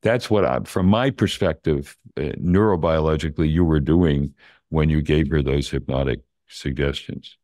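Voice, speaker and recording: An older man, a neuroscience professor, calmly explaining brain science in plain terms during a conversation. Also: very deep voice, normal speed, no echo, clean studio sound.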